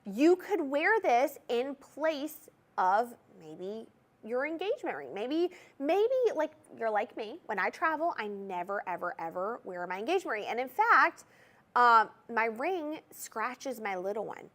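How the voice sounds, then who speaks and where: A woman with a Southern US accent pitches on a TV shopping show, her fairly high voice swinging up and down in lively swoops. She gushes and chats straight to the viewers, warm with sales energy and full of little asides. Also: measured pace. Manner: chatty, gushing, addresses viewers directly. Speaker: home shopping host. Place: TV shopping studio.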